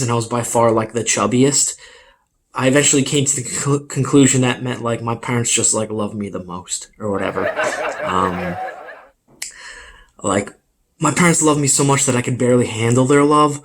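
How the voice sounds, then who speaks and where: A man's voice: mid-range voice, moderate pace. A young man doing a self-deprecating stand-up comedy set, with many fillers. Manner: rambling, filler-heavy, self-deprecating delivery.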